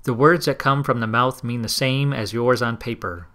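A man's voice: mid-range voice, normal speed, natural voice. A man voicing a defiant middle-aged chief elder. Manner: defiant, forceful.

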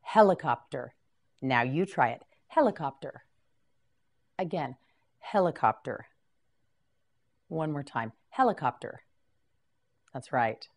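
Slow, patient woman teaching vocabulary. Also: extremely low pitch, lively intonation. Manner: patient, clear, repeats words for learners. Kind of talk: slow scripted language lesson.

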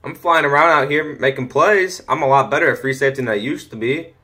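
A teenage boy casually commenting on a football video game from home, chatty, easily excited and often muttering to himself. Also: fairly high pitch, fast. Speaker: gaming commentator. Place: home room.

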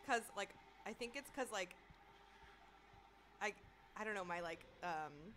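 A woman's voice: medium pitch, lively intonation, unhurried, fairly bright tone, a little hiss or hum. A young woman streaming a horror game, chatting with viewers and breaking into screams and nervous laughter. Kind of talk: casual gameplay commentary.

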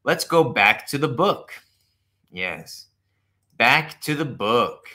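Slow, animated man teaching English. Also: mid-range voice. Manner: slow, repetitive, animated teacher talk, answers chat questions. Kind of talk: live online English lesson.

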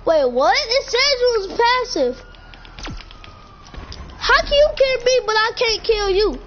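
With an extremely high-pitched, sing-song voice, a woman gamer takes it slowly as she comments on her play, swearing and trash-talking in a playful way. It's captured on a dull lo-fi mic with faint background noise.

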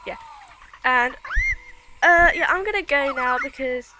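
A woman giving excitable let's play commentary, chattering and squealing at the game. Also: sits high, measured pace, very noisy. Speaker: gaming channel host. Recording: loud game music underneath. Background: loud game music.

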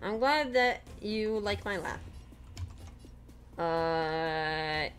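A woman's voice: fairly low pitch, animated, drawn-out words, soft background music. A young woman streaming a video game, chatting candidly and rambling as she answers her chat, swearing freely. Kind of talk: casual gameplay stream chat.

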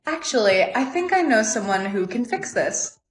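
High, lively young woman in a skit. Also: normal speed, echoey room. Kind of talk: comedy skit acting.

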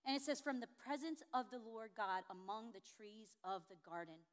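A woman pastor preaching a sermon, expressive, building to emphatic high peaks. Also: normal speed.

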